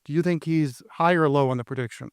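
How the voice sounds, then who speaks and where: A man on a panel, an academic pollster, explaining survey results in a measured way. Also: on the high side, clean tone, no echo, clean studio sound. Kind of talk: panel discussion. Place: conference stage.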